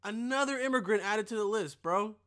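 A man's voice: high voice, fairly quick, a bit bright. A young man hosting a podcast, rambling and joking with lots of swearing. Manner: rambling, profane, jokey. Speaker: podcast host. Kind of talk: casual podcast monologue.

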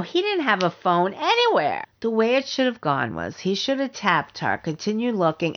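A middle-aged woman hosting a solo podcast, talking bluntly and emphatically and repeating her points for stress. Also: mid-range voice. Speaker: podcast host. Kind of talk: opinionated solo podcast talk. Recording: slightly dull lo-fi recording.

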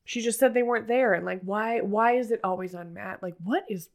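A woman's voice: medium pitch, a little fast, creaky. Woman in a mid-range voice retelling an episode, lots of likes, quoting characters. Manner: lots of "like" fillers, retells scenes with quoted lines. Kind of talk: casual TV recap chat.

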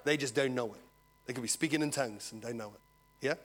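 A man, a lay preacher giving prophetic words and an animated personal testimony. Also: medium pitch, fast, soft background music. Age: 40s. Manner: animated storyteller, swings from soft personal words to loud exclaiming.

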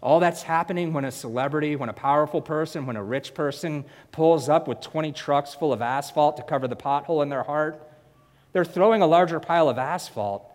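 A man preaching a sermon in an emphatic way, repeating phrases and swinging from loud to hushed. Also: on the high side, fairly quick. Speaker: pastor. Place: church hall. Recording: long church-hall reverb.

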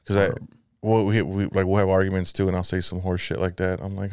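A man in casual crude conversation, animated, often mimicking other voices mockingly and laughing. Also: low-pitched, quick pace, hardly any pauses, clean tone, no room sound.

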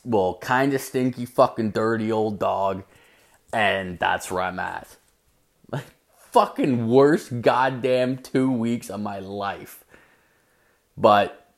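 A man telling a long story at home late at night, swearing constantly and acting out what people said to him. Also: on the low side. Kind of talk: rambling profane story rant.

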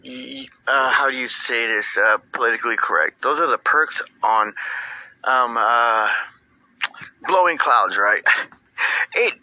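Sharp-voiced man telling a rambling story. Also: mid-range voice, measured pace, long pauses, dry recording, low-quality recording. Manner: rambling, profane, animated, laughs at own jokes. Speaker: comedic storyteller. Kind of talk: rambling profane comic monologue.

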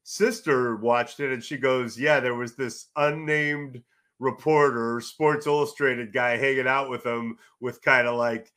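A middle-aged man from California, a sports journalist and guest, telling loud, rambling stories in casual podcast chat. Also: mid-range voice, unhurried. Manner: animated storyteller, loud, rambling with restarts.

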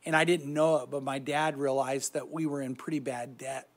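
A middle-aged man giving a reflective devotional talk on meditation, soft-spoken and often trailing off quietly. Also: mid-range voice, flat delivery, normal speed. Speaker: Christian speaker guiding meditation.

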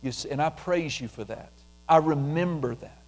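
A man preaching a conversational sermon, repeating phrases and dropping into a soft, quiet voice when he prays aloud. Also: a little high, normal speed. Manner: conversational, repetitive, drops softly into prayer voice.

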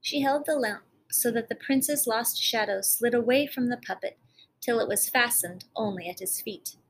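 A woman reads a fairy tale aloud with dramatic, expressive storytelling. Her voice sits a little high and rises with the action. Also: moderate pace, low-quality recording. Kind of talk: storybook narration.

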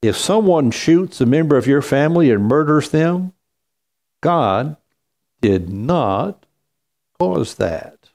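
A man preaching a sermon as pastor, slow and emphatic, with wide swings in pitch. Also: lively intonation, creaky, darkish tone.

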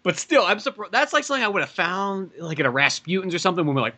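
A man's voice: sits high, very fast, bright, forceful tone. A man hosting a podcast over a video call, talking loosely with lots of swearing and laughter. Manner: loose and profane, laughs often. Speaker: podcast host. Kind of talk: casual chat.

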